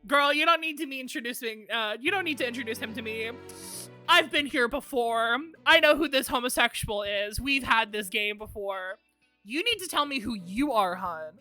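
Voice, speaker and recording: Chatty woman streamer with a bright voice. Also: fairly high pitch, lively intonation, moderate pace, soft background music. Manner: chatty, swearing, joking asides. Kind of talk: casual game commentary.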